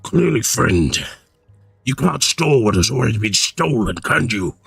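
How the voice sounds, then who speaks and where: A sly orc that talks slowly and low, chewing as if food is stuck in its tusks, as a man puts it on. It belongs to a casual tabletop game session among friends. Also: big pitch swings, creaky, fairly bright tone, husky, no room sound, clean studio sound, exaggerated voice.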